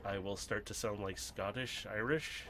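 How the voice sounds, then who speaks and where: A man's voice: lowish voice, steady tone, normal speed, bright, forceful tone. A man streaming while he builds a brick model, chatting casually, rambling and laughing often.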